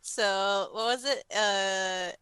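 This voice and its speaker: Giggly woman at a tabletop game, slow talker, bright crisp voice. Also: mid-range voice, steady tone, no echo, poor audio. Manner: giggly, slow, thinking out loud. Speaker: player. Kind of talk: casual tabletop game chat.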